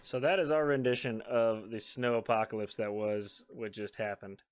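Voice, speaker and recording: A man's voice: fairly low pitch, fairly even intonation, normal speed, smooth. A man co-hosting a podcast, telling a rambling, amused family story in casual chat. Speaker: podcast co-host.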